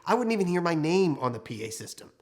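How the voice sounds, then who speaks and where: Speaking fast and with great animation, a man with a fairly high voice tells a workplace case study as a training consultant. He keeps it conversational and anecdotal, performing the lines of the people he quotes.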